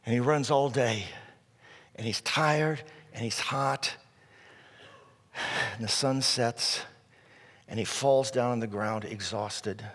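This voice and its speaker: A male pastor tells a scripture story in an animated sermon style, often restarting his phrases. His voice has an average pitch. A long reverb from the church sanctuary hangs on each line. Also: slow pace, long pauses.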